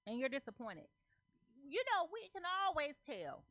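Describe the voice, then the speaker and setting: A woman's voice: high voice, big pitch swings, normal speed, a bit bright, no room sound. A woman giving a casual tarot reading, talking emphatically, repeating herself and checking in with her listeners in loose, slangy speech. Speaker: tarot reader.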